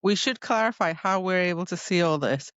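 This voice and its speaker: A woman's voice: fairly low pitch, animated, a little fast, fairly bright tone, dry recording. Laughing woman on a dull dry mic. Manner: laughs often, reads quotes with feeling. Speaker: podcast co-host. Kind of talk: casual book discussion.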